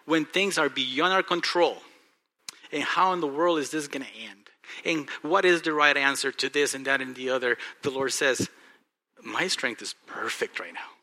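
Texan pastor guy preaching, really bright sharp voice, goes quiet and earnest then loud and fired up. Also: mid-range voice, normal speed. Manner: impassioned, swings from hushed to loud and excited. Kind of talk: sermon.

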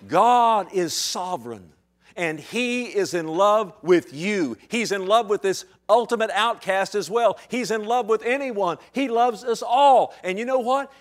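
Casting: thirties male pastor, slightly high voice, chatty sermon that turns emphatic. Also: animated, unhurried. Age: 30s. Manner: conversational, building to emphatic.

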